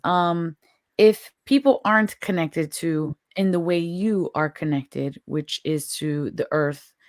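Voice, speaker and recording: A woman hosting a podcast interview who responds warmly and affirmingly, then asks empathetic questions. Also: deep voice, slow pace, no echo, clean studio sound. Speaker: podcast host. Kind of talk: interview conversation.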